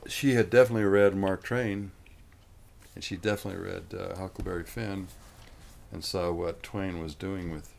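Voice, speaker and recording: A man's voice: low-pitched, steady tone, moderate pace, gravelly, a little mellow, a little hiss or hum. A man in casual conversation, rambling in a folksy way and often saying "man".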